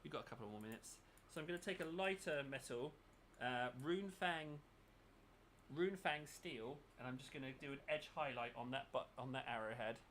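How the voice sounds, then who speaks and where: Male host, tense bright tone, rambling hobby chat, faint noise behind. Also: medium pitch, animated, a little fast. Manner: thinks aloud, mutters while working. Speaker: miniature painting channel host. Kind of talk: casual chat while painting.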